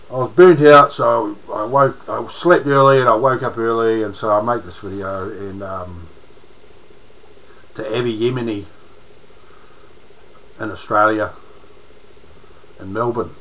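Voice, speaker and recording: A man's voice: mid-range voice, a bit bright, lo-fi sound. A man with a New Zealand accent, rambling in a casual monologue to camera as a political vlogger, restarting his sentences often and using slang.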